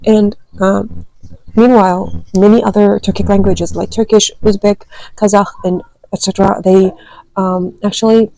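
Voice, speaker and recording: Chatty woman with a gravelly voice. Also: medium pitch, fairly even intonation, moderate pace, warm tone, no room sound, low-quality recording. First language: Turkmen. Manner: chatty, hesitant, many fillers. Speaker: language learner. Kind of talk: casual vlog talk.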